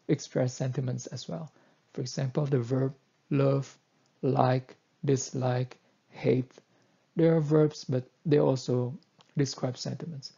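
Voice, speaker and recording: A man lectures through a coding tutorial at a slow, deliberate pace, pausing on fillers. His voice is dark and husky, and it is set a little high for a man. The recording sounds dull and lo-fi.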